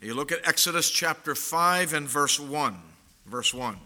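Bright-voiced male preacher. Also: on the high side, expressive, unhurried. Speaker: pastor. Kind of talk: sermon.

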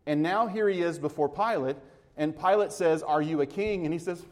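Conversational male preacher, slightly high voice. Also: normal speed. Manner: conversational, explaining scripture with everyday comparisons; retells dialogue, acting out the speakers. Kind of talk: sermon.

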